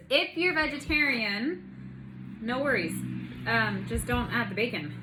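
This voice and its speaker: Woman, cooking vlog host, chatty, bubbly, bright voice, home kitchen. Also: fairly high pitch, animated, slow pace, slight background noise. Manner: chatty and bubbly, with playful asides. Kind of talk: casual cooking demonstration.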